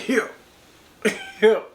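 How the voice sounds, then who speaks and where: A woman's voice: extremely slow, slight background noise. A woman hosting a reaction video, talking casually in slang, laughing often and speaking straight to the person in the clip.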